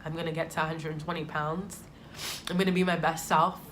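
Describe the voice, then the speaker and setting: A young woman in her twenties with a slightly low voice, telling a personal story to her camera. She sounds heartfelt and reflective, and a faint hiss of room noise sits behind her. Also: level tone, fairly quick, a bit bright. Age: 20s. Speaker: vlogger.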